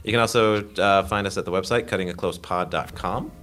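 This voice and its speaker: A man co-hosting a casual podcast, talking in a relaxed, rambling way with lots of fillers and restarts. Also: low-pitched, brisk, a little hiss or hum. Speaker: podcast co-host. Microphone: headphones and table mic.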